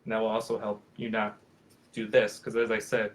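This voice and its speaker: A man's voice: lowish voice, monotone, a little fast. A man in his thirties, a professional puppeteer, answering questions in a casual live video chat and rambling with many fillers and restarts.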